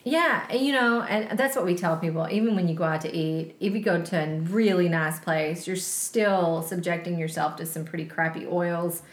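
A woman's voice: on the low side, normal speed, hardly any pauses, reverberant. A woman in her forties co-hosting a podcast, talking in an enthusiastic, chatty way. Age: 40s. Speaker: podcast co-host. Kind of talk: casual chat.

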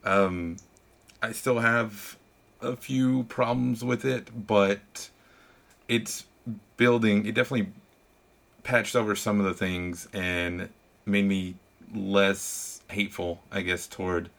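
A man in casual podcast chat, talking earnestly and candidly in short, halting bursts as he reviews a movie. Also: fairly low pitch, fairly even intonation, vocal fry, fairly bright tone.

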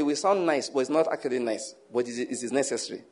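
A man, preaching a sermon as pastor, reading scripture slowly and leading the congregation in repeated prayer. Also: medium pitch, a little mellow, a faint crowd.

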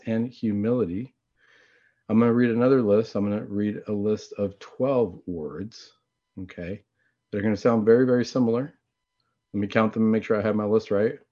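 Man, catholic talk host, low-pitched, warm, casual conversational delivery, muffled lo-fi recording. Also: fairly quick. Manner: conversational, frequent throat clearing and restarts. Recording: dull lo-fi recording.

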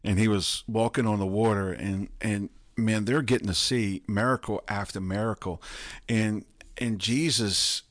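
A lower-voiced man thinks aloud about a Bible passage in a podcast chat, often doubling back on his words. His voice is recorded dry and close, with no room sound. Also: steady tone, measured pace, no echo. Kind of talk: casual Bible discussion.

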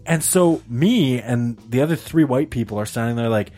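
Animated male podcast co-host, casual storyteller, lively pitch, light laughter. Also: moderate pace, few pauses, soft background music. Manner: animated, swearing, laughs often.

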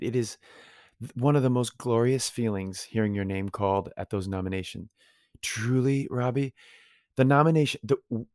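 A man's voice: medium pitch, darkish tone, dry recording, studio quality. A male actor as a guest in a casual interview, telling long, effusive, rambling stories.

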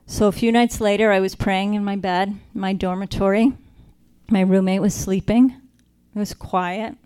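A woman sharing a personal faith testimony, earnest and reflective, slowing down to stress key moments. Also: medium pitch, steady tone, darkish tone, clean tone. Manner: earnest, reflective, slows down for emphasis.

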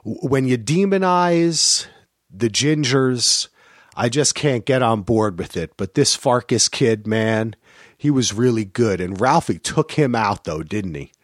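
A middle-aged man co-hosting a casual chat about a movie, telling lively stories and jumping into high voices when he quotes people. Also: unhurried, dry recording, studio quality. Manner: animated storytelling, jumps to high voices when quoting. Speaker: podcast co-host. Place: lives in Portland, grew up in New Jersey.

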